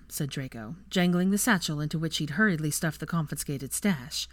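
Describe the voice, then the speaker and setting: A woman narrating a fan fiction story softly, reading to listeners. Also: low-pitched, normal speed, hardly any pauses, no room sound. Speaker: audiobook reader.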